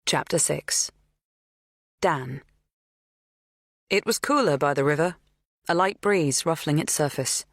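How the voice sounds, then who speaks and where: A woman narrating an audiobook in a measured, even reading. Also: low-pitched, dry recording, studio quality. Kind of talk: scripted first-person narration.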